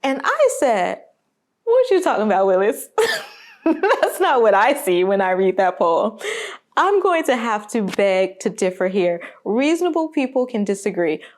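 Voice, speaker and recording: A woman's voice: medium pitch, sing-song, measured pace. Emphatic, sarcastic woman essayist. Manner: emphatic and sarcastic, with rhetorical questions. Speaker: video essayist. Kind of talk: animated video essay commentary.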